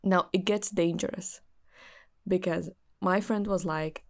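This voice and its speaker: A woman's voice: on the low side, fairly even intonation, measured pace. A young woman earnestly recounting a friend's story in casual chat.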